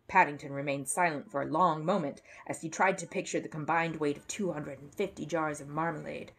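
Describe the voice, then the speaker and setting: A woman in her fifties reading a children's storybook aloud, expressive, with small slips and self-corrections. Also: low voice, moderate pace, few pauses, slightly rough. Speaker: children's book reader.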